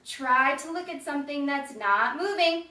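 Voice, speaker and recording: A woman's voice: high voice, lively intonation, moderate pace, pushed and bright. A woman leading a children's yoga lesson, upbeat and encouraging, calling out poses and animal sounds for the kids to copy. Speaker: yoga teacher. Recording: echoey room, from a distance.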